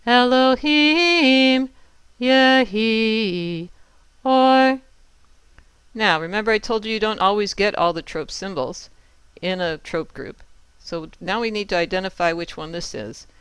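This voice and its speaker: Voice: mid-range voice, moderate pace, a bit bright, smooth, no echo. A patient teacher explaining Torah cantillation step by step and chanting each example aloud. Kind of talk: step-by-step lesson with sung examples.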